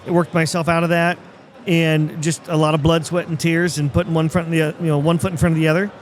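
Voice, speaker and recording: A man's voice: a little high, level tone, fast. A man hosting a podcast in casual chat, reflective and affirming with his guest. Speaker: podcast host.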